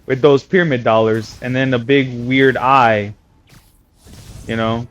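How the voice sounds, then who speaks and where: A young man talking casually and at length, drifting from one thought to the next. His voice sits at an ordinary middle pitch, and he fills his sentences with fillers and self-mocking asides. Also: fairly even intonation, a little slow, fairly bright tone, clear, resonant tone, highs cut off. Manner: chatty, meandering, self-mocking, many fillers. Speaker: vlogger. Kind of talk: casual rambling storytelling.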